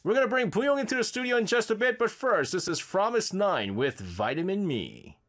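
Male radio host, middle-aged, animated pitch, chatty and laugh-prone, casual studio banter. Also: normal speed. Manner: chatty, laughs often, many fillers and restarts. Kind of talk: casual live radio chat reading listener messages.

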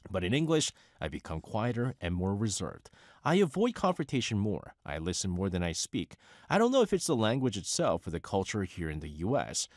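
A radio host in his forties with a New York accent talks casually with a listener. His delivery swings up and down in pitch, and he often laughs and restarts his sentences. The sound is dry and close. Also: dry recording. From United States. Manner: animated, chatty, laughs often, self-correcting. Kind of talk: casual radio talk, answering a listener letter.

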